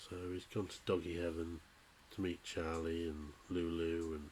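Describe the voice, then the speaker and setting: A man giving a halting, tearful farewell in a vlog, speaking softly with pauses and restarts. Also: sits low, level tone, slight background noise. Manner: halting, soft-spoken, pausing and restarting. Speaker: vlogger. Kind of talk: emotional farewell monologue.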